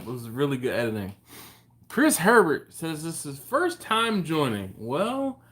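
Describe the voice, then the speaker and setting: Chatty man hosting a live stream. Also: on the high side. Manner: greets chat viewers by name, loose and rambling. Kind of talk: casual live chat with viewers. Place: at home.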